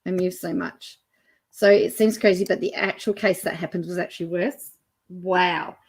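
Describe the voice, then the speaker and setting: A woman's voice: on the low side, steady tone, moderate pace, breathy edge. A woman hosting a casual reaction video, amused and chatty.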